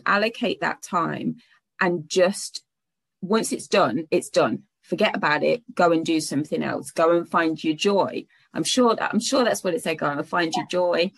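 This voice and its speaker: A woman's voice: lowish voice, creaky, a bit bright, no echo. A woman hosting a podcast, chatty and enthusiastic, often tagging her remarks with questions. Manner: chatty, enthusiastic, asks "don't we" tags. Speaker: podcast host. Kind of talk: casual podcast conversation.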